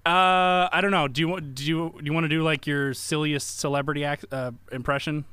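Halting man hosting a quiz game. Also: a little high, steady tone, sharp tone, clear, resonant tone, no echo. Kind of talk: casual game show chat.

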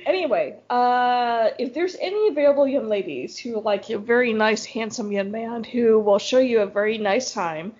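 A woman's voice: on the high side, moderate pace, few pauses, a little mellow. A woman co-hosting a podcast in casual chat, rambling and laughing often. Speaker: podcast co-host. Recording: dull lo-fi recording.

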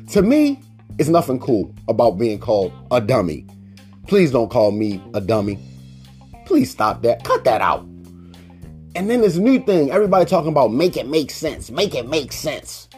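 Animated, mock-indignant podcast host, a man. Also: a little high, moderate pace, faint music behind. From Baltimore, Maryland. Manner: animated storytelling, acting out quoted people. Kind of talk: solo podcast monologue.

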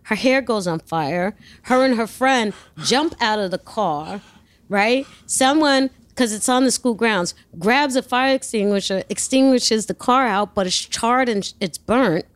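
Blunt, animated New woman. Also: a little high, measured pace, no echo. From New York. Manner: animated, blunt, profane, acts out dialogue. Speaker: guest. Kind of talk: casual storytelling.

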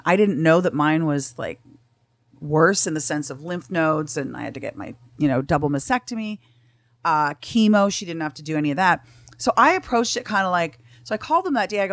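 A woman's voice: fairly low pitch, lively intonation, brisk, no room sound. A middle-aged woman, a guest in a casual chat, telling a story bluntly with lots of swearing and acted-out dialogue.

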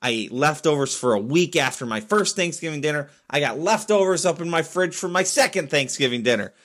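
A man's voice: a little high, lively intonation, a little fast, a bit bright. A man in his thirties hosting a solo podcast, talking bluntly and getting fired up over his opinions. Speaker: podcast host. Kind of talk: casual solo podcast rant.

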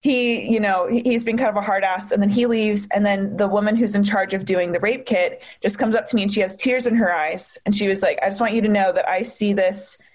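A young woman telling a personal story in conversation, candid and halting, with many fillers and restarts. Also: medium pitch. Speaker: guest.

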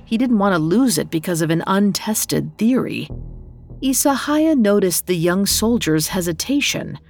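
A woman narrating a story in a steady, measured reading voice. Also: mid-range voice, soft background music.

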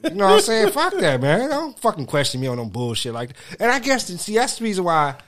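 Man, podcast co-host, heated profane rant, lively up-and-down voice, slightly high. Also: brisk. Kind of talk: casual chat.

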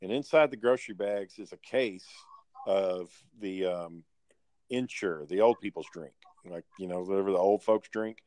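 A man's voice: low voice, moderate pace, a little mellow, no room sound. A man telling a blunt, profanity-laced story in casual chat.

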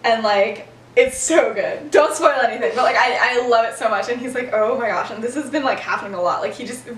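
A young woman with a slightly high, a bit bright voice hosts a podcast at a brisk pace. She gives a casual, chatty recap of a story, performing the characters' lines with frequent laughter. The mic is distant and roomy, with faint noise.

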